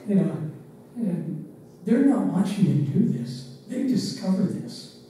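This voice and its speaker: An older man, once a driver and staff member, reminiscing in unhurried, reflective anecdotes with pauses. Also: high voice, expressive, mellow. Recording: roomy, distant mic, faint background noise.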